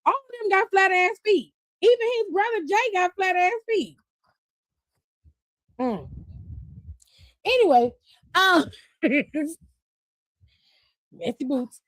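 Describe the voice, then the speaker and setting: Woman stream host: high-pitched, animated, profane, dry close mic. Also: takes it slowly, long pauses, no echo. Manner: animated, profane, laughing, reads chat aloud. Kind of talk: casual live-stream wrestling recap.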